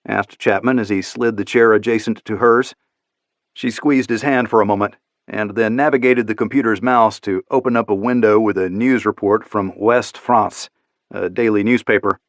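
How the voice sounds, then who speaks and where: A man reading an audiobook in steady, measured scripted narration. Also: on the low side, dry recording, studio quality.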